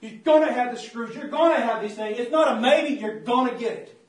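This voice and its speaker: Captured from a distance in a roomy church, a man with a very high voice preaches fairly quickly. His sermon is fervent and repetitive, and he keeps calling out to the congregation as "saints of God."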